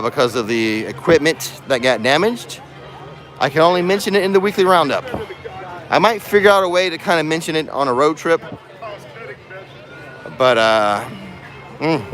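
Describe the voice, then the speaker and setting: A vlogger with a fairly high, slightly bright voice livestreams casually from a theme park, chatting and joking with viewers. Music plays clearly in the background.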